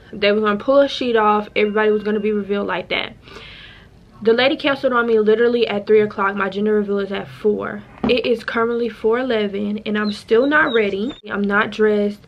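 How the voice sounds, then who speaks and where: A woman's voice: medium pitch, fairly even intonation, a little fast, dull audio, a little hiss or hum. A woman, venting to camera in a casual vlog, upset and fighting back tears. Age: 20s. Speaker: vlogger.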